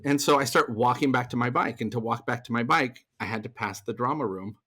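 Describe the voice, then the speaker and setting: A middle-aged man, a theater performer and voice actor, telling his story as a podcast guest in lively casual talk with many restarts. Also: medium pitch, brisk, husky. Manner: animated, acts out quoted voices, frequent restarts.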